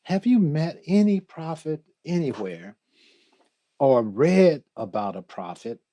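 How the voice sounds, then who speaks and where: An older man as a guest in an interview, talking slowly and reflectively, reciting poetry and laughing often. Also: a little high, big pitch swings, mellow. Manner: slow, musing, quotes poetry, laughs often. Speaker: guest, theologian.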